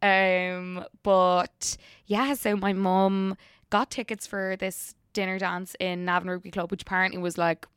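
A woman's voice: mid-range voice, level tone, measured pace, fairly bright tone, clear, resonant tone, no room sound, clean studio sound. A woman in her twenties with a south Dublin Irish accent, chatting as a podcast guest, laughing often and saying "like" a lot. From Ireland. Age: 20s. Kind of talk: casual chat.

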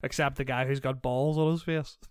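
A man's voice: mid-range voice, fairly even intonation, brisk, clear, resonant tone, dry recording, clean studio sound. A young man co-hosting a podcast, chatting casually and animatedly, often laughing as he talks. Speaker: podcast co-host. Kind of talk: casual chat.

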